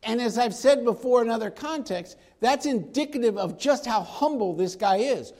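Speaking at a normal pace in a fairly high voice, this preacher works through a Bible passage one verse at a time. He keeps it lively and conversational, using casual slang whenever he acts out what the people in the text say.

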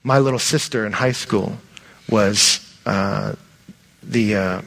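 A middle-aged man, a pastor preaching a sermon in a conversational, animated way. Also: fairly low pitch, slow pace, vocal fry.

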